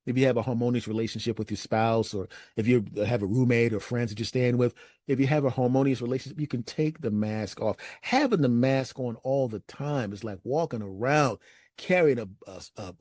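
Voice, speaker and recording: A man hosting his own show, telling funny stories from his life in an animated way and acting out his friends' voices. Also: moderate pace, no echo. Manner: animated, acts out friends' voices with big pitch jumps. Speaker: podcast host. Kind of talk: humorous storytelling monologue.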